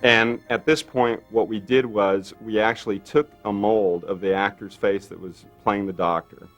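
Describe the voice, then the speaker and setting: A man recalling a production story in an interview, animated, with many fillers. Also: on the low side, normal speed, dull audio. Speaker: makeup effects artist. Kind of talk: anecdotal interview. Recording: light music underneath.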